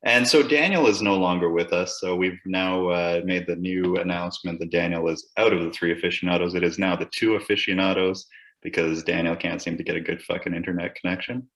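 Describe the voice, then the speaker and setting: A man with a very low voice hosts a casual podcast, teasing his co-hosts with crude, profane jokes. The recording sounds roomy and echoey. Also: fairly even intonation, brisk, a bit bright. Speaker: podcast host. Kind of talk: casual chat. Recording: roomy echo.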